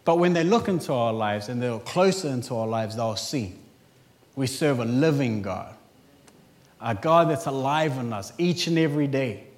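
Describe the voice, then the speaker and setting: A man preaching a sermon to a congregation in a conversational, animated way, swinging between loud emphatic lines and quieter, quick asides, with casual jokes thrown in. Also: mid-range voice.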